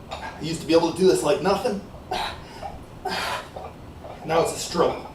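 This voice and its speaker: A man's voice: on the high side, far from the mic. A man from Canada talks in a loose, rambling monologue, leaning on "like I said" and "uh" as he goes. He's winded from exercise. The sound is roomy and off-mic, with a faint hiss underneath. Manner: rambling, repeats "like I said", pauses with fillers. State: out of breath from exercising. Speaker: vlogger. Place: small warm room indoors.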